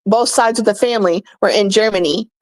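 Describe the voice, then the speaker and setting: A woman's voice: medium pitch, a little fast, dry recording, rough recording. A young American woman, a vlogger ranting bluntly and scolding her commenters, swearing freely. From United States.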